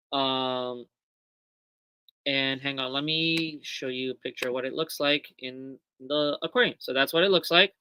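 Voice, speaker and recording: A woman with a low, bright, forceful, smooth voice, recorded with no echo, hosts a casual live stream from a small shop, walking through products. She's chatty, with lots of ums and self-corrections.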